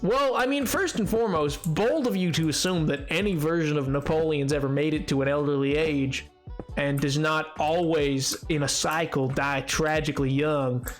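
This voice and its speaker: A man with a fairly high voice rambles through a live game stream, chatting with his viewers. He talks playfully and trips over his own restarts, and faint music plays underneath. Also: fairly even intonation, moderate pace. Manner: rambling and playful, stumbling over restarts while reading chat. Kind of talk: casual live-stream chat while gaming.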